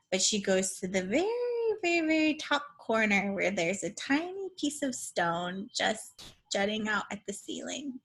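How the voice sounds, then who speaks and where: A woman's voice: medium pitch, a bit bright. A woman player describing her character's actions in third person in a tabletop game. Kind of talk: tabletop role-play narration.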